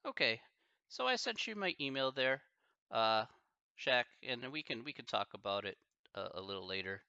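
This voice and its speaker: A man, a math instructor on a live stream, talking casually and haltingly, thinking aloud with many fillers. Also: medium pitch, big pitch swings, pushed and bright, clean tone, dry recording, lo-fi sound.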